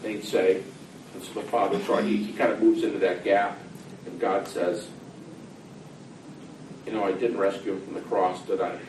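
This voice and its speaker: A man's voice: low-pitched, flat delivery, normal speed, long pauses, darkish tone, echoey room, far from the mic, a little hiss or hum, low-quality recording. A middle-aged man speaking earnestly and acting out a dialogue with God. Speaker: speaker recounting personal grief. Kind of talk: reflective talk.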